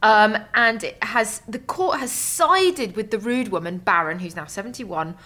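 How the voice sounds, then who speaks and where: A woman co-hosting a chatty podcast, dry and teasing as she gently scolds her partner and retells a news story. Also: medium pitch, lively intonation, unhurried. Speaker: podcast co-host. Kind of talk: casual banter.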